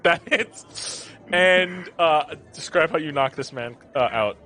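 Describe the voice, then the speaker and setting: A man's voice: on the high side, slow, pushed and bright. A man narrating as game master, describing scenes in a rambling, laughing way with casual swearing.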